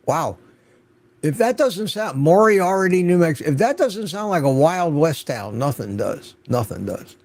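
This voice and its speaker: A man's voice: a little high, creaky, a little mellow. An older man hosting an unscripted livestream, chatting casually and greeting viewers by name from the chat. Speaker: livestream host.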